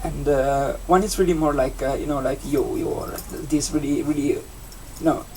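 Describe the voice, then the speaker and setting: A young adult vlogger from Italy with an Italian accent, a native Italian speaker chatting casually in English, rambling and halting with many restarts and fillers. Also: medium pitch, fairly even intonation, warm tone. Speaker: vlogger, seasonal campsite entertainment worker. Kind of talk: casual vlog chat. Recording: distant mic with faint background noise.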